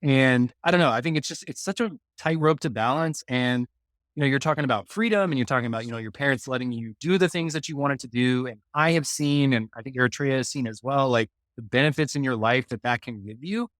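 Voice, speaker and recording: A man's voice: medium pitch, fairly quick, fairly bright tone, dry recording, clean studio sound. A man hosting a podcast, talking in an earnest, rambling way with many fillers. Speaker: podcast host. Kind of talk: casual podcast conversation.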